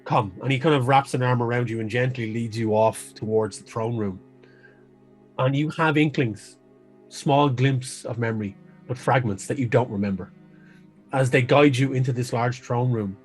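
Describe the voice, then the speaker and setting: A man's voice: medium pitch, normal speed, husky, soft background music. A man narrating a tabletop game as game master, describing scenes at length and sometimes restarting phrases.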